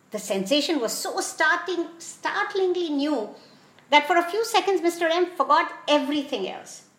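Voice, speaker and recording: A woman hosting a podcast, reading a whimsical story aloud in a playful, expressive storybook narration. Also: high-pitched. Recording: echoey room.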